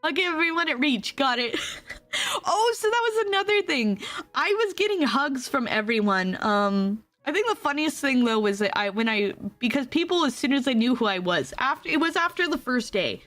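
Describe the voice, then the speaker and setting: A young woman VTuber telling a story in a casual, animated way, laughing often. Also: moderate pace, faint music behind. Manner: animated, laughs often, acts out quotes in high squeals. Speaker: VTuber streamer.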